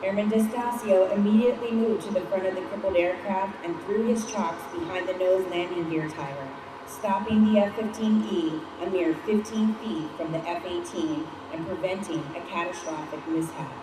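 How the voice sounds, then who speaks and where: A woman presents a military award ceremony in a measured, official voice. She sounds a little distant from the microphone, in a roomy, echoey space. A steady hiss of background noise sits under her words. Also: on the low side. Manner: measured, formal reading. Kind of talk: formal ceremony narration.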